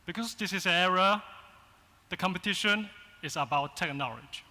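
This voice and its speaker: A man from China with a Chinese accent, giving a conference keynote in short, halting phrases with fillers. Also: sits high, pushed and bright. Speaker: agency founder, keynote speaker. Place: large conference hall. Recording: long reverb in a conference hall.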